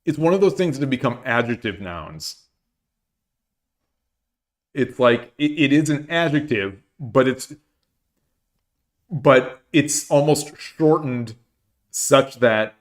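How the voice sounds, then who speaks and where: A man's voice: medium pitch, lively intonation, slow, long pauses. A middle-aged man chatting casually on his livestream, rambling with many restarts and fillers. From United States. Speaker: streamer.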